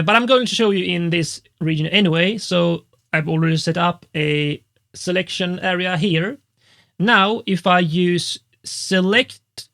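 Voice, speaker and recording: A man who is a music composer and educator, casually demonstrating software step by step in a tutorial, with frequent fillers. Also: sits high, gravelly. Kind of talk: screen-recorded software tutorial.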